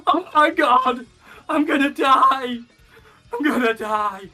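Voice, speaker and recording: A cowardly king whines and sobs in a high, drawn-out voice, as a man puts him on during a tabletop game. Every plea comes out slow and pitiful, with faint music behind. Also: pushed and bright, heavily acted. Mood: panicked. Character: cowardly blubbering male king, crying.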